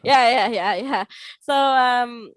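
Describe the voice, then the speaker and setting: A woman's voice: a little high, takes it slowly, no echo, rough recording. A woman co-hosting a podcast in casual chat, rambling, giggling and making silly sound effects. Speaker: podcast co-host.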